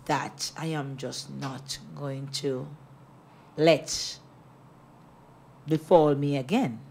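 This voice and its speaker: A woman's voice: low voice, fairly even intonation, extremely slow, creaky, a little mellow, slight background noise. A woman co-hosting a radio talk show, bantering and teasing in a Patois-flavored casual chat. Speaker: radio co-host.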